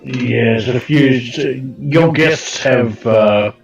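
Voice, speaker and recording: A man's voice: medium pitch, drawn-out words, gravelly, distant mic, lo-fi sound, slight background noise. A man playing in a tabletop game, chatting casually and drawling out in-character banter. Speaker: player. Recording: echoey room.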